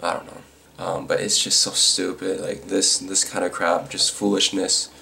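A man giving casual, rambling commentary on news stories, irritated and quick to chuckle. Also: low-pitched, level tone, gravelly, pushed and bright, slight background noise.

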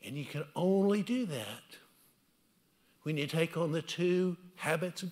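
A man's voice: a little high, expressive, a little slow, darkish tone. A male pastor giving a sermon in a chapel, telling stories and asking repeated rhetorical questions. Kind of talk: sermon with storytelling.

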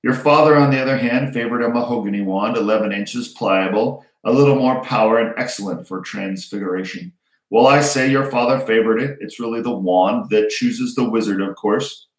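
A man reading aloud, voicing an old male wandmaker who speaks softly, draws out his words and turns stern and probing. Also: medium pitch, natural voice. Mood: musing. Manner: soft and drawn-out, suddenly stern. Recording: roomy echo.

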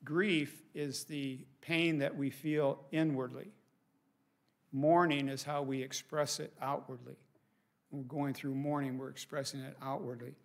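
A man's voice: mid-range voice, little pitch movement, unhurried, creaky. A middle-aged man, a pastor, preaching a sermon from the pulpit in an earnest, conversational way with casual asides. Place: church sanctuary.

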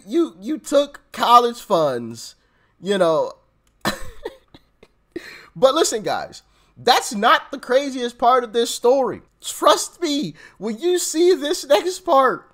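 A man's voice: extremely high pitch, big pitch swings, a little slow, a bit bright. A man hosting a casual commentary video, reading news stories aloud and reacting to them, laughing often and stumbling over his words as he talks straight to his viewers. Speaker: commentary channel host.

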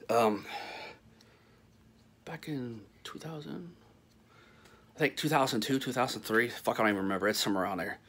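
A man's voice: medium pitch, normal speed, long pauses, a bit bright. A middle-aged man telling a story in a casual, rambling way, full of swearing and frequent laughter. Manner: profane, rambling, laughs often.

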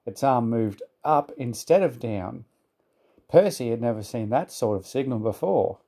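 A man reading a children's storybook aloud in a calm, even manner. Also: medium pitch, unhurried, breathy edge.

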